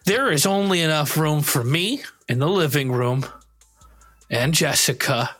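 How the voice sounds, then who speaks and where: A man's voice: a little high, unhurried, a bit bright, soft background music. A man playing an earnest, flustered young man who wants to marry his cat, in an improv comedy scene, stammering as he explains himself. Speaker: improv performer.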